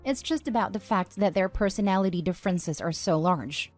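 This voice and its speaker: A woman reads online posts aloud at an even, steady pace, her voice sitting at an ordinary middle pitch. Soft music plays faintly behind her. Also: brisk. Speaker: narrator.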